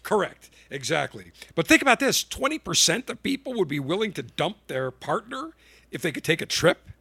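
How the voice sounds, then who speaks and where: Sarcastic talk radio host with a lively pitch. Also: male voice, normal speed, vocal fry, breathy edge, dry recording. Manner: combative, sarcastic, mocking. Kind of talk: opinionated talk radio monologue.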